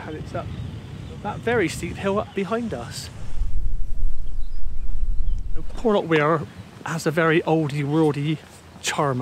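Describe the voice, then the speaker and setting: A man talks casually to camera as he hikes up a steep coastal footpath, chatty and a little out of breath at times. His voice sits somewhat high for a man. A faint hiss of wind and outdoor noise runs under it. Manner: chatty, out of breath on uphill walk. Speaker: walking vlogger. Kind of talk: casual walking commentary.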